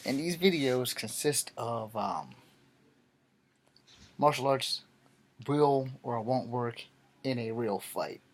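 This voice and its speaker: A man's voice: mid-range voice, slow, pauses often. Man, middle-aged, tired, blunt, rambling, swearing, casual late-night rant. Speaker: vlogger.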